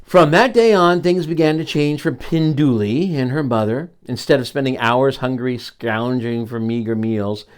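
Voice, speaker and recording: A man's voice: mid-range voice, moderate pace, few pauses, smooth. An older man reading a picture book aloud to children, adding encouraging asides to his young listeners. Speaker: grandfather storyteller.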